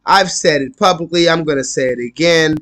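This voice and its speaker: A man's voice: a little high, fairly quick, fairly bright tone. A man streaming live, delivering a heated, profane rant to his viewers and repeating his points for emphasis. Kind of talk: ranting live stream monologue.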